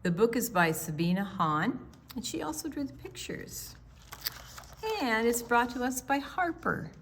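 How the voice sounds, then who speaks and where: An older woman reading a picture book aloud to children, with gentle, chatty asides. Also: on the high side, measured pace, a little hiss or hum. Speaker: storytime reader.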